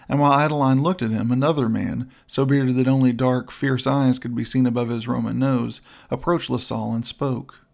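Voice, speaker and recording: A man narrating an old-fashioned adventure story in a measured reading style. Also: mid-range voice, creaky, darkish tone. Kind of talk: audiobook narration.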